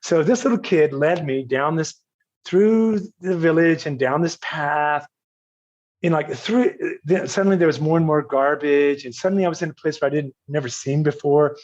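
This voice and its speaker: A man's voice: fairly high pitch, a little mellow. An older man from Virginia, a podcast guest, tells a self-mocking story in a casual interview and laughs at himself as he quotes others. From Virginia, United States. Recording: slightly dull, lo-fi audio.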